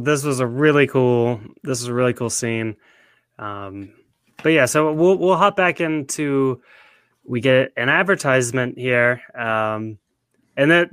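A man's voice: medium pitch, a bit bright, clean tone, no echo. A man co-hosting a podcast in a casual recap chat, often asking his co-host's opinion. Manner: conversational, asks his co-host questions. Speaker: podcast co-host.

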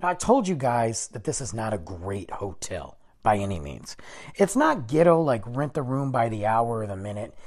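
Animated man spinning a rambling story. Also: medium pitch, normal speed. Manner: animated, rambling, self-correcting, acts out quoted dialogue. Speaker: vlogger telling a story. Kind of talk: casual storytelling.

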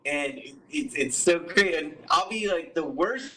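A man telling a story as a podcast guest, animated and profane, acting out what other people said. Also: a little high, measured pace, far from the mic, a little hiss or hum, poor audio. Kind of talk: casual storytelling.

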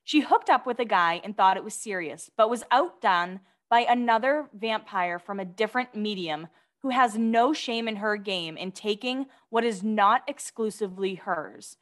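A woman's voice: medium pitch, expressive, normal speed, fairly bright tone. Chatty woman reading celebrity gossip. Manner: chatty, giggly, gushing about celebrities. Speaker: podcast co-host. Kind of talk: casual chat, reading celebrity gossip items.

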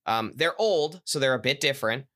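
A man's voice: mid-range voice, lively intonation, brisk, pushed and bright. A young man co-hosting a podcast, chatting casually, rambling and correcting himself as he goes. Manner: rambling, self-correcting, enthusiastic. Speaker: podcast co-host. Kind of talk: casual chat.

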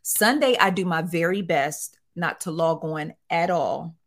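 In a relaxed interview, a middle-aged female guest and site owner recounts a story at an unhurried pace with a fairly low pitch. She performs each quote in a different voice with lively energy.

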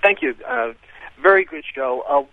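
A man's voice: sits high, very animated, normal speed, gravelly. Hesitant man caller on a phone line. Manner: hesitant, with many uh fillers. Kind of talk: radio call-in.

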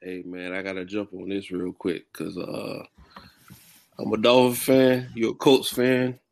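A man with a low voice joins a casual sports podcast and bluntly teases one of the hosts. His delivery is direct and ribbing. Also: little pitch movement, unhurried, vocal fry. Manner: teasing, blunt.

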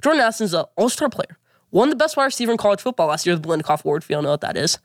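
A man's voice: high-pitched, very animated, racing, no room sound, clean studio sound. A man hosting a sports opinion vlog, delivering emphatic, opinionated takes and repeating his points. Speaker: sports show host.

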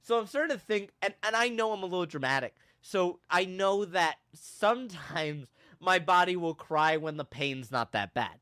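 Young man, podcast host, high voice, crisp bright tone, animated comic storytelling, self-mocking. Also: normal speed. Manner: animated and self-mocking, with big pitch swings. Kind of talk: comedic storytelling in casual chat.

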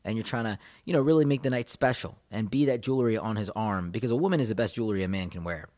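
Male relationship coach, quick emphatic delivery, talks straight to viewers, repeats key points for weight. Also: on the low side, a little mellow. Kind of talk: motivational advice talk to camera.

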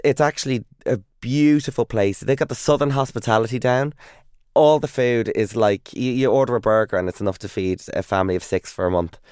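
A man's voice: lowish voice, darkish tone, smooth, no echo, clean studio sound. Irish man, chatty and resonant. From Ireland. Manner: chatty, enthusiastic storyteller with many fillers and restarts. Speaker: guest. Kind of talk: casual interview chat.

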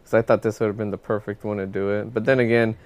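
A man co-hosting a casual movie podcast, talking in a relaxed, rambling way. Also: fairly low pitch, fast. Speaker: podcast co-host. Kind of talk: casual movie review chat.

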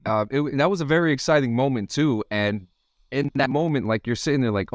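Excitable podcast co-host, dry sound. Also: male voice, medium pitch, fairly quick, no room sound. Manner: excitable, chiming in with short agreements. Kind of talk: casual chat.

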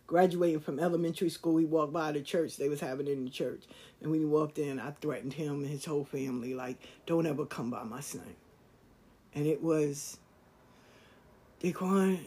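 A woman's voice: fairly low pitch, breathy edge. A woman, telling a personal story in a blunt, streetwise, emphatic way. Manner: blunt, streetwise, emphatic, swings between loud and hushed. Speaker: caller sharing a personal story.

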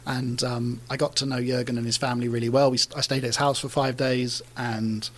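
A middle-aged man with an ordinary mid-pitched voice tells stories in a casual interview. He sounds animated, laughs often and restarts his sentences. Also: brisk. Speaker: car designer, guest.

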